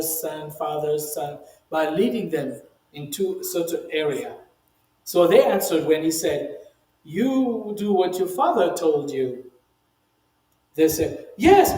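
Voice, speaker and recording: A male rabbi teaching in a relaxed, conversational way, his voice sitting a little high for a man. He leans hard on key words and jumps up in pitch whenever he voices a quoted speaker. The sound carries a noticeable room echo. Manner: emphatic, reads quoted speech in a raised voice, many "you know" asides. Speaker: rabbi teaching the weekly Torah portion. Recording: roomy echo.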